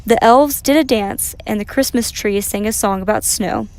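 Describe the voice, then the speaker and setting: Woman gently reading a bedtime story. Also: fairly high pitch, normal speed. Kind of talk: children's story read aloud.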